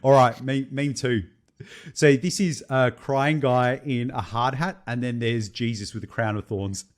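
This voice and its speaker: Man, young adult, podcast co-host, casual chat, animated, laughs often. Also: mid-range voice, unhurried. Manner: animated, laughs often while telling jokes.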